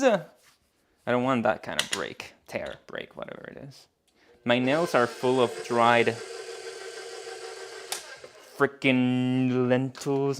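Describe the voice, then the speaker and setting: A man's voice: medium pitch, expressive, takes it slowly, long pauses, a little hiss or hum. A man chatting casually on a cooking live stream, joking about himself and laughing often. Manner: giggly, joking, self-mocking.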